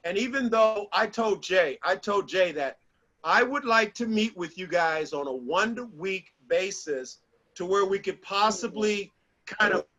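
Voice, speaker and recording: A middle-aged man speaks in a notably high, bright voice as he gives a motivational talk to a small group. He tells stories in an animated way and acts out the lines he quotes. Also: unhurried, rough recording.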